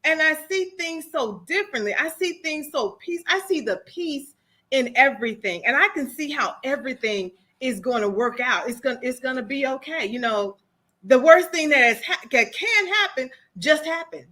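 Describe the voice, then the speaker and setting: Woman, transformation coach, bright tense voice, animated, repeats phrases. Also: sits high, normal speed. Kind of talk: casual conversation.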